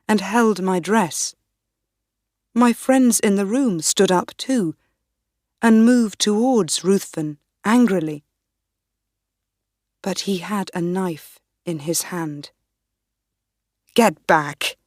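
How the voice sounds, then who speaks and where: A woman narrating a first-person story for English learners in a clear, measured way. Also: mid-range voice, a little mellow, dry recording, studio quality. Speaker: audiobook narrator.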